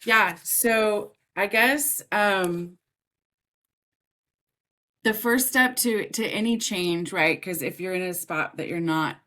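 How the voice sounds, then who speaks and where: Speaking slowly in a mid-range voice, this woman is a podcast guest who works as an author and grief coach. She recounts her story frankly and emotionally, animated and often breaking into laughter as she speaks.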